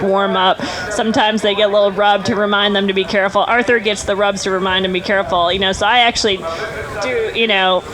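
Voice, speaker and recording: Woman event rider, rambling and chatty, crowd chatter behind. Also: medium pitch. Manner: chatty, rambling with many fillers. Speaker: event rider, interview guest. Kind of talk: casual storytelling chat. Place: interview lounge at a horse event.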